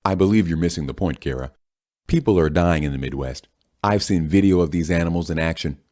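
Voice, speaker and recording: A man's voice: low-pitched, fairly quick, a little mellow, lightly acted. A man voicing an earnest male newspaper editor in a pointed way.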